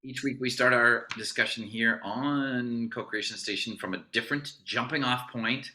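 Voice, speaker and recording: Bright, upbeat male podcast co-host. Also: medium pitch, normal speed, few pauses. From United States. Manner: upbeat, animated storyteller. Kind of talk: casual podcast chat.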